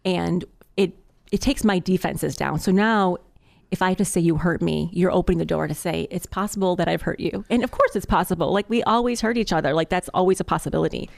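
Woman co-hosting a marriage chat, low-ish gravelly voice, chatty, says "like" a lot. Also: fast. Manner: chatty, uses many fillers like "like". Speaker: podcast co-host. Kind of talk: casual chat about marriage.

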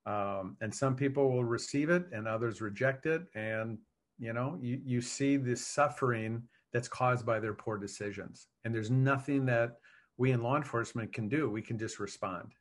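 A man in law enforcement answering interview questions in an earnest, measured way. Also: mid-range voice. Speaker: law enforcement officer, guest.

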